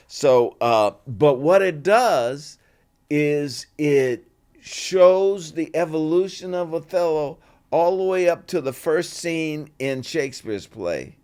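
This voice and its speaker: Animated older man telling stories. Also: a little high, takes it slowly, smooth. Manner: animated, acts out dialogue in voices. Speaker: guest actor. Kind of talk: casual interview storytelling.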